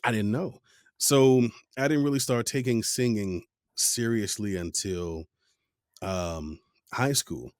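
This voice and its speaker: Male podcast host, very low voice, relaxed reflective delivery, dry close mic. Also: takes it slowly, no echo. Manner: laid-back, reflective, with fillers. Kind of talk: casual interview chat.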